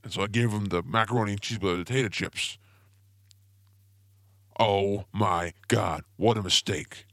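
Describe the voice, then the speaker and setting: A man's voice: lowish voice, fast talker, few pauses, a bit bright, dry recording, clean studio sound. A young man hosting a podcast, telling rambling goofy stories in a casual comedic monologue. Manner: rambling, goofy, self-promoting storyteller. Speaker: podcast host.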